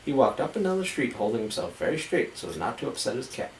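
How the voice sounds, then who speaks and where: A woman reading a picture book aloud to a child, animated, with asides in between. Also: rumbling low, fast, creaky. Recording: echoey room, far from mic, background noise.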